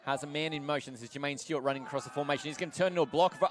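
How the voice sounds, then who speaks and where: A man with an Australian accent calling a game as an excitable play-by-play commentator who climbs to shouts on the big plays. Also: fairly high pitch, racing, hardly any pauses.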